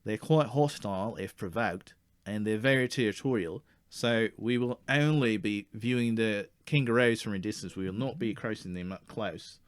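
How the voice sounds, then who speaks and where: A man's voice: on the low side, normal speed, smooth, dry recording, close to an everyday voice. A man playing a blunt, slangy male Australian outback guide in a comedy sketch, with an Australian accent, stammering when he gets worked up. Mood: matter-of-fact. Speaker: tour guide.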